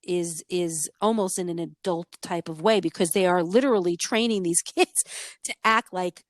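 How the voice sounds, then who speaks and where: Middle-aged female podcast host, chatty and expressive, recorded dry and close. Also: fairly low pitch, normal speed, dry recording. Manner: animated storyteller, acts out quoted voices. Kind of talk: casual chat.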